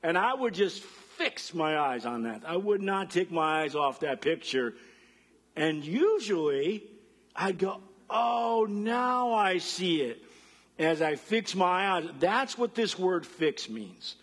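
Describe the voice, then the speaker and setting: High husky guy preaching, lots of hall echo, acts out the voices he quotes. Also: big pitch swings, slow pace, fairly bright tone. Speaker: pastor. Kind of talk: sermon.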